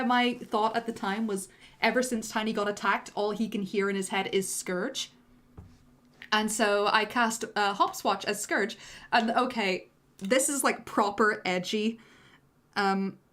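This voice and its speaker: A young woman talks through her old animation as a livestreamer. Her voice sits a little high, and she rambles with plenty of fillers. She is self-deprecating and chatty. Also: a bit bright. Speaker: animator and streamer. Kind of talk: director's commentary on a livestream.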